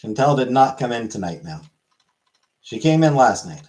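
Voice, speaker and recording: A man's voice: mid-range voice, very animated, normal speed, a little mellow. A man chatting casually on a livestream, rambling and offhand, swearing now and then.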